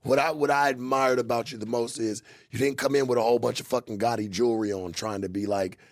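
A man hosting a podcast in casual chat, with a raspy voice and a laid-back, joking way of talking that swears freely. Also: mid-range voice, steady tone, fast talker, no echo, studio quality. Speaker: podcast host.

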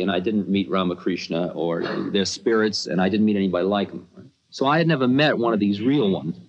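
A man telling a personal story in a conversational, self-mocking way, with many asides. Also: on the low side. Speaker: spiritual teacher. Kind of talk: storytelling talk. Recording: dull lo-fi archive recording.

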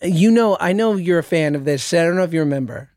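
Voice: medium pitch, lively intonation, quick pace, darkish tone, no echo, studio quality. A podcast host asking questions and riffing playfully in casual chat. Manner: playful, jokey rants.

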